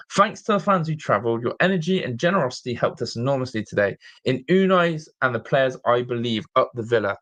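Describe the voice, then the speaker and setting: A man's voice: mid-range voice, fairly bright tone. A man hosting a live-streamed football fan show, ranting in exasperation and repeating himself. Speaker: fan channel host.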